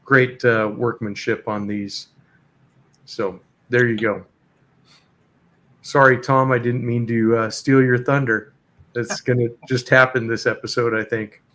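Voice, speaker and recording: Host, male, easygoing and halting, average pitch, casual live chat. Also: fairly even intonation, a bit bright. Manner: easygoing, hesitant with many fillers.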